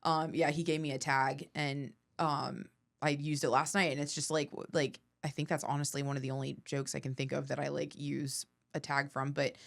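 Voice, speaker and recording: A woman comedian, a guest on the podcast, telling rambling stories fast with frequent laughter. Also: low voice, little pitch movement, gravelly. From Florida. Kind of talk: casual podcast chat.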